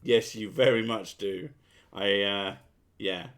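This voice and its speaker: A man's voice: lowish voice, fairly even intonation, takes it slowly, fairly bright tone. A man with a Home Counties English accent, talking casually on a podcast, wry and joking, with some swearing. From Home Counties, England. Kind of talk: casual chat.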